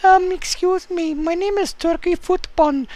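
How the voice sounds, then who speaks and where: A man voicing a sly, odd male prankster who talks softly in a sneaky, raised voice. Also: fairly even intonation, a little slow, dry recording. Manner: soft, sneaky, high-pitched.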